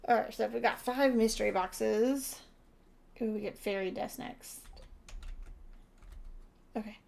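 A woman's voice: on the high side, measured pace, vocal fry, darkish tone. A woman giving casual gameplay commentary as a streamer, chatting to her viewers and sounding tired. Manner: chatty, talks to chat viewers. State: tired, yawning. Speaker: gaming streamer.

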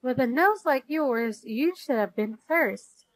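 Competitive bragging girl, voiced by a woman for a storybook, high voice. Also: animated, slow pace, no echo. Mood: boastful. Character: boastful competitive young girl.

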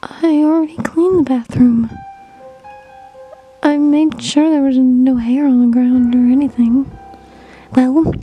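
A woman's voice: high voice, dark tone, natural voice, rough recording. A young woman voicing a moody female pet who snaps suddenly, in an amateur toy-pet short film, talking with lots of "like" fillers. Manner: valley-girl filler-heavy talk. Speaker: fan film voice actor.

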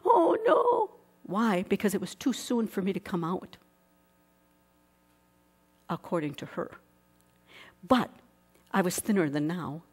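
A middle-aged woman giving a sermon, telling a personal testimony in an animated way and asking the congregation questions. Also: on the low side. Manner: animated storyteller, acts out voices, asks the congregation questions. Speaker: pastor's wife preaching.

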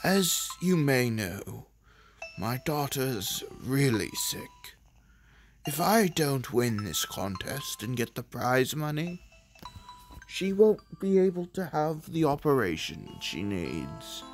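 Heartbroken middle-aged mage dad, put on by a game player, odd put-on accent, drawn-out delivery, music under. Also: medium pitch, sing-song. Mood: pleading. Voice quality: slow, pleading, heavy. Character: desperate middle-aged male mage father.

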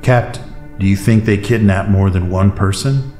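A man's voice: fairly low pitch, normal speed, warm tone, lightly acted. A man voicing an alert male soldier who calls out urgently to his captain. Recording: roomy echo, faint music bed.

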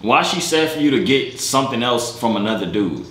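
A young man vlogging late at night, blunt and teasing in a deep, sleepy voice. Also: expressive, brisk, fairly bright tone, reverberant, slight background noise. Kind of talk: casual video chat banter. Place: bedroom at night.

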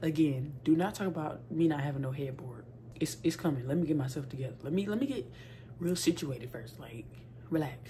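A woman's voice: sits low, expressive, fairly quick, warm tone. Brief: woman in her 20s, easygoing vlogger who rambles, calls viewers y'all and baby, phone audio with plenty of background noise. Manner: chatty and slangy, addresses viewers as y'all and baby. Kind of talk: casual vlog talk to viewers. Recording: noisy phone vlog audio.

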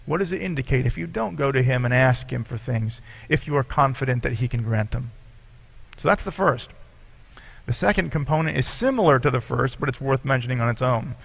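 A man's voice: medium pitch, animated, a little fast, vocal fry. A pastor preaching a sermon, reading scripture aloud and explaining it to his congregation in an earnest way.

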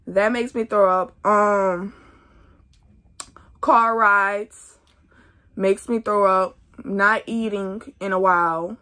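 A woman's voice: mid-range voice, fairly even intonation, very slow, pauses often, pushed and bright. A young woman chatting to her viewers in a casual pregnancy update vlog, feeling nauseous. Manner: chatty, talks straight to viewers as y'all. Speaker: vlogger.

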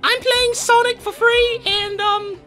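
A man voicing a shy, soft-spoken young woman who talks hesitantly with fillers. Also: extremely high pitch, flat delivery, slow, soft background music, voice pushed up, full character voice. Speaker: stand-in streamer.

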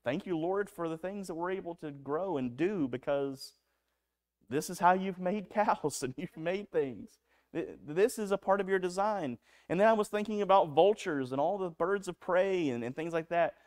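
A man's voice: high voice, moderate pace, darkish tone. A man preaching a sermon in a church, telling stories in an earnest way with frequent restarts. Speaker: pastor. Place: church sanctuary.

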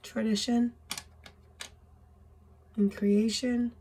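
A woman's voice: on the high side, little pitch movement, drawn-out words, dark tone, slightly rough. A woman doing a casual tarot reading, reading card words aloud in short bursts, blunt and swearing now and then. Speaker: tarot reader.

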